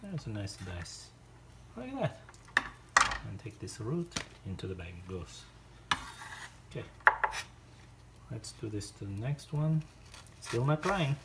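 In a gravelly, medium-pitched voice, a man hosts a home cooking video, very animated yet taking it slowly with long pauses as he chats casually to himself and his dog. His home kitchen is loud throughout with chopping and clinking dishes and cutlery.

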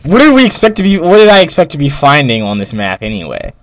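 Excitable young man laughing through gameplay. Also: fairly high pitch, fast talker. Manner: laughs often, exclaims loudly at mishaps. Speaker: Minecraft co-op player. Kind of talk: casual gameplay chat.

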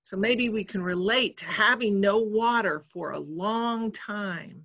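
A woman preacher giving a sermon in a church, speaking in a measured, reflective way. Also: mid-range voice, a bit bright, lo-fi sound.

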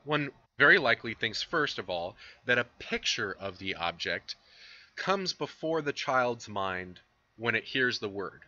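A man talks through a philosophy reading in a loose, conversational lecture, full of fillers and asides to his viewers. His voice sits on the low side yet sounds very bright and forward. The recording is dull and lo-fi, like a home computer mic. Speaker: philosophy instructor.

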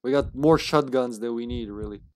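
A man's voice: mid-range voice, a little fast, slight background noise. A man streaming a game live, giving casual commentary, joking, laughing often and talking to his co-op partner.

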